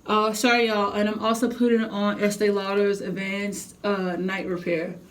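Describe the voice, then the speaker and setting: Animated, profane woman venting a story. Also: medium pitch, normal speed. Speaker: vlogger. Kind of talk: casual storytime vlog.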